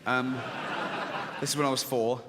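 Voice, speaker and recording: The recording, from an echoey hall with some background noise, captures a man's profane stand-up act. He speaks at a normal speed in a mid-range voice, animatedly acting out characters within his jokes.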